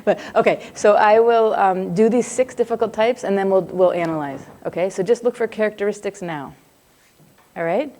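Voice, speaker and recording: A woman's voice: mid-range voice, normal speed, a little mellow. A middle-aged woman lecturing a live class on psychology in a loose, conversational way, often breaking off to check in with students. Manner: conversational, digressive, laughs easily.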